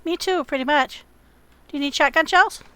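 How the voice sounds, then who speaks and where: This is gameplay commentary and in-game voice chat from a woman hosting a survival game video. She speaks at a normal speed in a high, fairly bright voice, chatting with another player and using many fillers as she talks to viewers.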